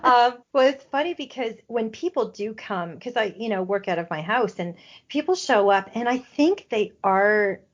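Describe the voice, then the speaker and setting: Animated woman telling a story. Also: on the high side, moderate pace, hardly any pauses. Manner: animated storyteller, acts out her own thoughts. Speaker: intuitive healer, podcast guest. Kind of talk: candid storytelling in conversation. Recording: slightly dull lo-fi podcast audio.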